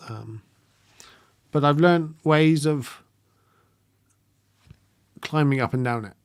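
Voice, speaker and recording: A man hosting a meditation livestream, talking softly and hesitantly with frequent pauses, reading out viewer comments as he goes. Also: on the high side, smooth, no echo, studio quality. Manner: soft-spoken, halting, with frequent ums and gentle laughs. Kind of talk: live-streamed reflective talk, reading viewer comments.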